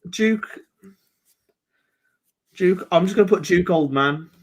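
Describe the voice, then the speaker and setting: A man's voice: sits high, fairly quick. A man with a Birmingham accent hosting a live match reaction stream, chatting bluntly about the game. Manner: blunt, chatty football banter. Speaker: football channel host.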